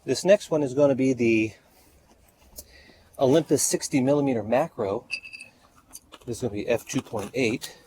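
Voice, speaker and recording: A man's voice: medium pitch, normal speed, pauses often, mellow, slightly rough, low-quality recording. A man photographing a model outdoors, out of breath, counting off shots and giving short directions. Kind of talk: on-location shoot commentary. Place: outdoors by a street.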